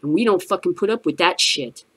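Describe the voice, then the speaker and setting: A woman's voice: lowish voice, lively intonation, a little fast, fairly bright tone, slightly rough, low-quality recording. A woman hosting a cannabis news show, ranting in profane, sarcastic commentary.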